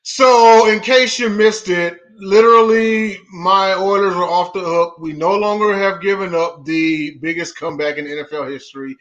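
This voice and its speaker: A man's voice: sits high, fairly even intonation, normal speed, few pauses, a bit bright, dull audio. A man hosting a casual sports podcast, joking and laid-back as he runs the show. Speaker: podcast host.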